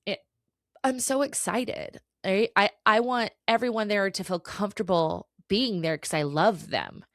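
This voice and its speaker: A woman's voice: mid-range voice, normal speed, a bit bright, dry recording, studio quality. A woman hosting a solo podcast, giving an earnest, emotional pep talk with some swearing. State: tearful at times. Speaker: podcast host.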